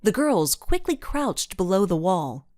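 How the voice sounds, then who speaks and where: A woman narrating a children's mystery audiobook in an expressive storytelling manner. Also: medium pitch, measured pace, no echo, clean studio sound. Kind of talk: scripted narration.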